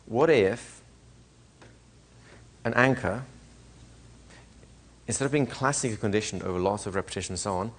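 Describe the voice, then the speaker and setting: A man lecturing a live class as a hypnosis trainer, animated, asking the room questions and acting out little scenes. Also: lowish voice.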